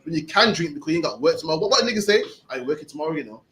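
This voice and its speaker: A man's voice: fairly high pitch, big pitch swings, very fast, a bit bright, poor audio. A man teaching scripture in slangy, emphatic street talk, ending his phrases with "man". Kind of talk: animated teaching with questions.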